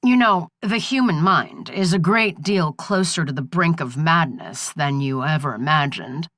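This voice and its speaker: A woman's voice: deep voice, a little slow, fairly bright tone, no echo, clean studio sound. A woman reading the part of a ruthless male scientist who threatens and coldly explains himself, in a menacing, matter-of-fact way. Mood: coldly explaining.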